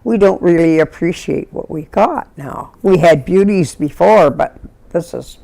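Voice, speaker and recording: Her voice sits on the low side, unhurried and creaky. This nonagenarian Canadian woman, recounting her life for an oral history interview, animatedly performs the characters in her stories.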